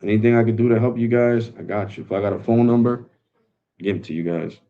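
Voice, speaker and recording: A laid-back man hosts a tech live stream in a relaxed, slangy way, calling his viewers bro. His voice sits low. The sound is dull and lo-fi. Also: fast. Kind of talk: casual live stream talk.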